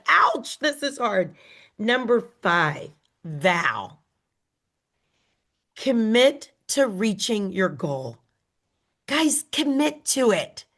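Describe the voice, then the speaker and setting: A middle-aged woman team leader giving an emphatic, emotional motivational talk to her group. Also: fairly high pitch. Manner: emphatic, emotional, slow and deliberate.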